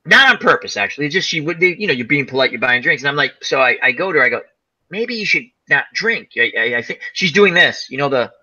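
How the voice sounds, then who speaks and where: A man's voice: medium pitch, fast talker, few pauses, lo-fi sound. A man hosting a casual chat, telling a rambling funny story and acting out the people in it. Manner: animated, laughing storyteller, acts out quoted voices. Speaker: host.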